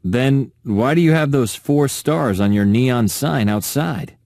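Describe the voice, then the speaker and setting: A man's voice: medium pitch, takes it slowly, a little mellow, no room sound, studio quality. A man playing a fussy hotel guest in a textbook dialogue, insistent and complaining. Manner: indignant, insistent.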